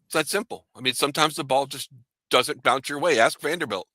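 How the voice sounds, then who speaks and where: A man's voice: mid-range voice, brisk, bright, forceful tone, dry recording. A man on a sports talk panel, joking and teasing the others as he talks. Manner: wisecracking, teasing.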